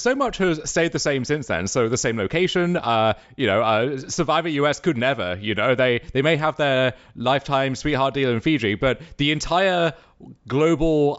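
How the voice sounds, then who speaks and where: A man co-hosting a casual podcast chat, wry and self-deprecating, halting with frequent restarts. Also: mid-range voice, dull audio. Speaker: podcast co-host.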